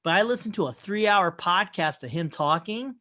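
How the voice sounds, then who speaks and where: A man's voice: high-pitched, animated, normal speed, sharp tone. A man co-hosting a casual podcast, rambling and swearing as he tells stories and acts out what people said. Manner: rambling, profane storyteller who acts out quotes. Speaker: podcast co-host. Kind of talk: casual chat. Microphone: remote call mic.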